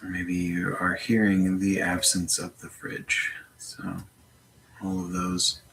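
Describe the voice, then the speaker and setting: A man guiding a mindfulness meditation from his home in a slow, gentle voice with long pauses. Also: low voice, monotone, vocal fry, slight background noise. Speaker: meditation teacher. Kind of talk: guided meditation.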